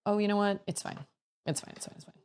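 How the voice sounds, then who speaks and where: A woman in her thirties chatting casually on a livestream, rambling to herself as she builds, her voice a little rough. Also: medium pitch, fast, a little mellow. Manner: chatty, rambling, self-talking while building. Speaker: streamer.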